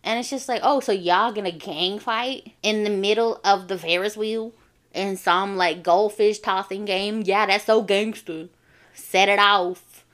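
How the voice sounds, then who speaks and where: A woman's voice: medium pitch, fairly even intonation, a little slow, a bit bright. A young adult woman from a Navajo reservation, telling a personal story in casual, slangy speech and swearing freely. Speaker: vlogger.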